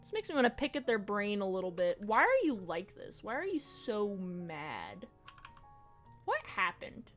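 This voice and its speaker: This young woman, chatting offhandedly during a game stream, rambles reflectively with slang and cursing. Her mid-range, slightly bright voice swoops wildly in pitch at a measured pace, with faint music behind.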